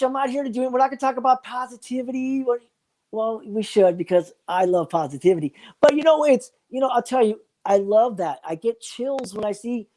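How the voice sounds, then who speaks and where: A man's voice: very high voice, darkish tone. An older man joking and rambling profanely as a guest on a live stream, calling in from his phone. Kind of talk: casual live-stream chat.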